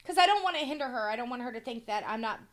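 A woman's voice: on the high side, expressive, racing, fairly bright tone. A woman, chatting candidly and emotionally as a podcast co-host, swearing freely and tearful. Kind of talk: casual chat.

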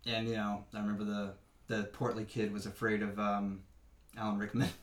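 A man's voice: on the low side, completely flat delivery, normal speed. A man chatting casually on a podcast, rambling through pop-culture talk with many fillers. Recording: roomy room sound.

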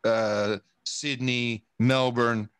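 A man from the United States, a podcast guest talking in a rambling, profane, animated way with many restarts. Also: mid-range voice, drawn-out words, clear, resonant tone, dry recording. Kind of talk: casual podcast conversation.

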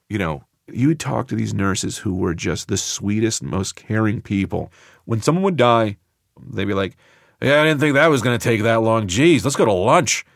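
A man's voice: fairly low pitch, vocal fry, no echo, studio quality. A man, a comedian, telling a personal story in a casual, conversational way with loose phrasing.

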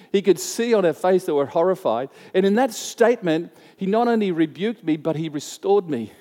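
A man's voice: sits high, warm tone. A man preaching a sermon, telling a personal story in a conversational way and acting out the voices of the people in it. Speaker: pastor. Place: church hall. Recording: long reverb of a church hall.

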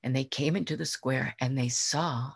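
Casting: a woman Zen teacher narrating a parable, slow and gentle, husky, dry close sound. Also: very deep voice, steady tone, dry recording. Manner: gentle, unhurried storytelling. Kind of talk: dharma talk storytelling.

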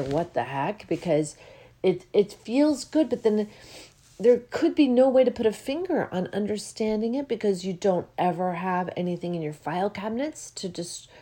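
A woman talks slowly and gently to her listeners, like a spiritual teacher sharing what she feels. Her voice is mellow and dark in tone, and her talk wanders through many fillers and soft, moved asides. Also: fairly low pitch. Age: adult with a child. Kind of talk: heartfelt solo talk to listeners.

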